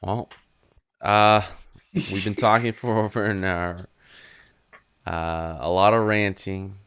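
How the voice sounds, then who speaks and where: A man's voice: on the low side, steady tone, slow, fairly bright tone, clear, resonant tone. A man co-hosting a casual podcast roundtable, ranting bluntly and laughing between points. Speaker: podcast co-host.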